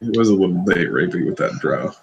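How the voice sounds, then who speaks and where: Man player, deep and lively, jokey. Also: fast, vocal fry, crowd noise. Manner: joking, teasing. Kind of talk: casual tabletop game chat.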